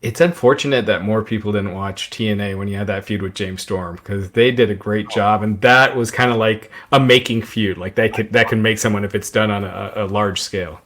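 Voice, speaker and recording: A man co-hosting a podcast, chiming in with quick remarks. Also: on the low side, a bit bright. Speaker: podcast co-host. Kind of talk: casual podcast chat.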